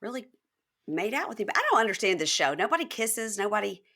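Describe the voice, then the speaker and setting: A woman's voice: mid-range voice, big pitch swings, fast, pushed and bright. A middle-aged woman hosting a podcast, chatting casually and laughing often as she recaps a show. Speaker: podcast host.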